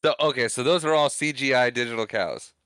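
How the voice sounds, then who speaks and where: A man's voice: medium pitch, a little fast, a bit bright, clear, resonant tone, no room sound. A man co-hosting a podcast, chiming in with short questions and dry remarks in casual film talk. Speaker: podcast co-host.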